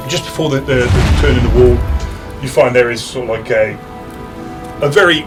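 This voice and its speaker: A British man narrating as dungeon master in a casual, halting way, with frequent restarts and fillers. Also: mid-range voice, music in the background. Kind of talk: narrating a tabletop game.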